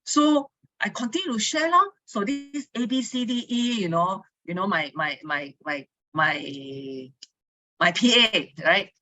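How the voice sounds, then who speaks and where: A woman's voice: medium pitch, expressive, measured pace, bright, forceful tone, no room sound, low-quality recording. A woman with a Singaporean English accent telling her story to a team in a casual online talk, chatty and full of local particles. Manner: chatty storytelling, Singlish particles, frequent laughs; asks listeners for agreement. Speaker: speaker giving a testimony to a team.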